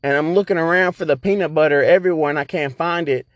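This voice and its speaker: A man's voice: fairly high pitch, fast, no room sound. A man hosting a podcast, telling a rambling, profane story in a laid-back, casual way. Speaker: podcast host.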